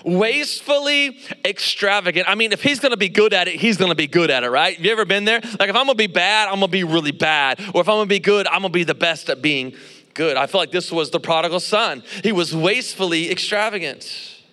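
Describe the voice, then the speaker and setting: A young adult man preaching a sermon, telling a personal story with animated delivery, acting out quotes and laughing between lines. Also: sits high, fast talker. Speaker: pastor. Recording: reverberant hall.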